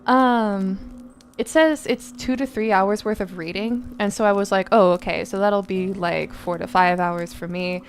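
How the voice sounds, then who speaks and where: A woman's voice: mid-range voice, steady tone, measured pace, faint music behind. A tired young woman streamer chatting casually, rambling with lots of fillers and laughs.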